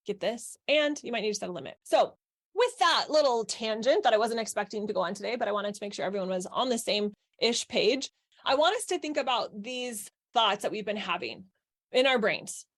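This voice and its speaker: A middle-aged woman coaching parents in a live online workshop, asking the audience questions as she teaches. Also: mid-range voice.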